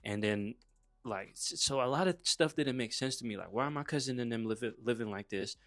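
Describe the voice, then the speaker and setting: A man's voice: medium pitch, fairly quick, fairly bright tone, no room sound, clean studio sound. A young man from Saint Croix telling his life story in a casual, laid-back way, full of slang like "bruh" and "you feel me". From Saint Croix, US Virgin Islands. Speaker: motivational vlogger.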